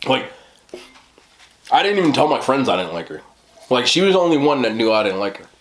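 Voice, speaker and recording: Animated mukbang man, voice swooping up and down. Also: mid-range voice, fairly quick, slight background noise. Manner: animated, loud bursts of exclaiming. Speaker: mukbang host. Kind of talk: casual chat while eating on camera.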